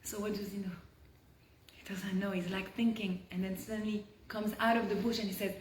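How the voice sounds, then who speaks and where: A woman teaching a Torah lesson on a video call. She tells the story with animated energy and drops to a hush when the tension rises. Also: medium pitch, brisk, very noisy. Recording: roomy echo.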